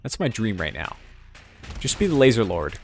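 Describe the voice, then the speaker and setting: A man's voice: on the low side, big pitch swings, moderate pace, faint music behind. A man giving casual, rambling gameplay commentary, joking at his own expense and making sound effects. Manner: rambling, self-mocking, sound effects and joke impressions. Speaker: let's play commentator.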